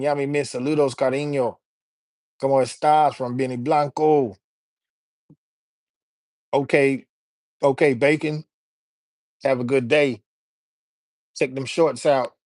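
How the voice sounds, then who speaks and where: A man talks casually on a livestream, reading chat and tossing out shout-outs. His delivery is laid-back and full of slang, at an ordinary pitch. The sound is close and dry. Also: no room sound.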